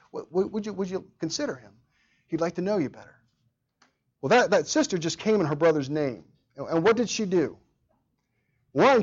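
An earnest male pastor delivers a sermon in a slightly high voice. He repeats words as he goes and acts out quoted prayers. The recording sounds dull and lo-fi. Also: a little mellow.

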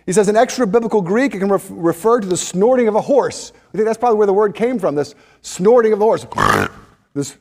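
A man's voice: high-pitched, animated, fast talker, mellow, big-room sound. A man preaching a sermon to his congregation, earnest, often repeating words as he presses a point. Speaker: pastor.

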